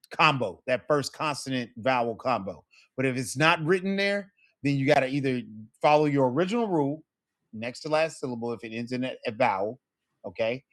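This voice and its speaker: A man's voice: medium pitch, fairly bright tone. A man teaching a language class, explaining patiently and checking in with his students often. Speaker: Spanish teacher. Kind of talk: online class lesson.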